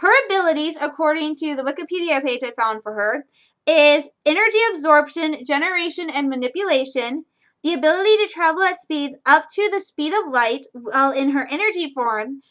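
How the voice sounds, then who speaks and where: A young woman from Michigan, talking chattily and excitably in a casual recap vlog, with frequent restarts. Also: sits high, brisk. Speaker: vlogger.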